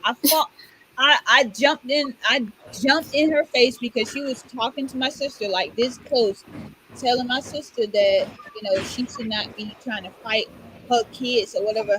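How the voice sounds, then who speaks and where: Young woman, from Orlando, blunt and animated, higher pitch, faint background noise. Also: normal speed. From Orlando, Florida. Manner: blunt, animated storytelling with profanity. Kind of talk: casual chat.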